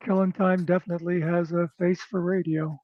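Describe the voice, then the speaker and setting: A man's voice: sits high, little pitch movement, fairly quick, no room sound. A man hosting a casual chat, teasing his co-hosts with joking asides. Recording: dull, dry sound.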